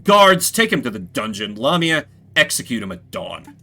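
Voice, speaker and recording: A man's voice: mid-range voice, big pitch swings, normal speed, pushed and bright. A man voicing an arrogant, cruel male stoat duke who sneers with contempt. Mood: scornful.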